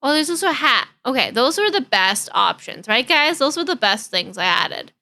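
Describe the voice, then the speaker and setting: A woman's voice: sits high, big pitch swings, moderate pace, bright, forceful tone. A young woman streaming live, chatting casually in a bubbly, giggly, easily distracted way.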